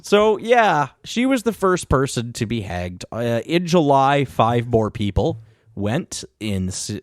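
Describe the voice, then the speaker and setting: A man's voice: mid-range voice, big pitch swings, slow, dry recording, clean studio sound. A man hosting a casual podcast chat, rambling through history and often chuckling as he corrects himself. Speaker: podcast host.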